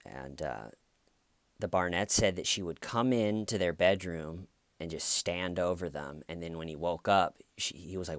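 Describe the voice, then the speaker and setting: Casting: low-voiced man, unhurried wry commentary, dry close mic. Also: dry recording. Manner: slow, wry, acts out quotes in mocking voices. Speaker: commentary vlogger. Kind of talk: casual commentary monologue.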